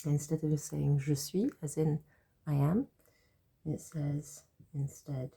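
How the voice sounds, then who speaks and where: A woman with a sore throat talks a class through French jokes, repeating each word with patient care. Her voice sits low and dark, rough with fry and a husky edge. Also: steady tone, slight background noise. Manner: patient, repeats and spells out words slowly. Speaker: French teacher. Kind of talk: explaining French jokes in a language lesson.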